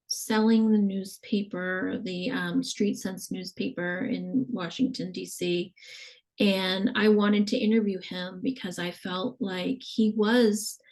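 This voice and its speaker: Female podcast host, unhurried, hesitant, filler-heavy interviewer. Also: mid-range voice, a little mellow. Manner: hesitant, lots of ums. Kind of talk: interview questions.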